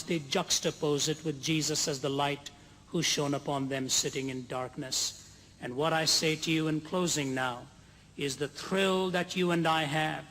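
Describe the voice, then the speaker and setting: A man preaching a sermon to a large gathering, telling stories earnestly and slowing down to stress key lines. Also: a little high, fairly bright tone, a little hiss or hum. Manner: earnest storytelling, slows for emphasis, builds to soaring climax. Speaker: evangelist preacher. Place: large conference hall. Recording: long hall reverb.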